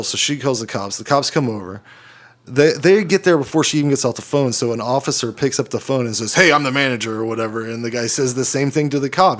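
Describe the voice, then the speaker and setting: Dude on a podcast rambling thru a story, swears a lot, laughs, middle pitched voice. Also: male voice. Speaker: podcast co-host. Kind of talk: casual podcast chat.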